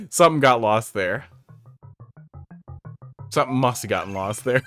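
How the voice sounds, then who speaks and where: A man's voice: mid-range voice, animated, normal speed, fairly bright tone. A man giving casual, sarcastic commentary while reviewing viewer-made game levels on a stream, over faint game music. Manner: sarcastic, jokey, chatty.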